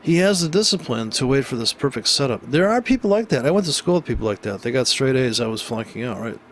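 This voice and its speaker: A man's voice: medium pitch, very animated, quick pace, a little hiss or hum. Blunt, rambling man talking about trading. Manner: blunt, rambling, swears freely, asks rhetorical "right?". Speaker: trading educator. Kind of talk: casual unscripted trading commentary.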